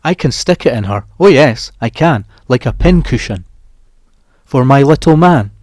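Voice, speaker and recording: This horror audiobook is voiced by a man in a mid-range register who reads with drama and expression, slowing down and rising as tension mounts. No echo is present.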